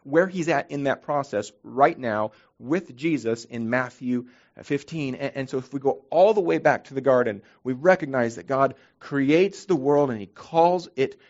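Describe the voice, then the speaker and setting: A man delivers a sermon as pastor, his voice sitting at an ordinary middle pitch. He preaches earnestly and with emphasis, repeating words as he restarts his phrases. The recording sounds dull and lo-fi. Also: normal speed, a little mellow.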